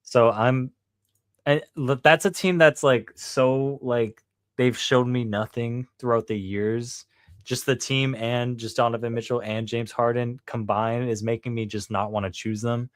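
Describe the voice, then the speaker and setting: A man's voice: mid-range voice, steady tone, a little slow, no room sound. A man co-hosting a podcast, chatting casually about basketball, slangy and rambling, with lots of "bro" and swearing. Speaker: podcast co-host. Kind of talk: casual sports chat.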